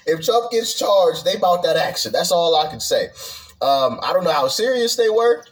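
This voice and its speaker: A man in casual podcast chat, talking haltingly and repeating words as he goes. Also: on the high side, expressive, recorded from a distance, rough recording.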